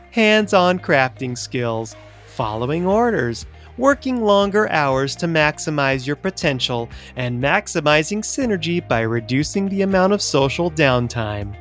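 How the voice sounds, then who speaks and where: A man's voice: fairly high pitch, fairly bright tone. A man voicing the upbeat, salesy narrator of a company orientation video.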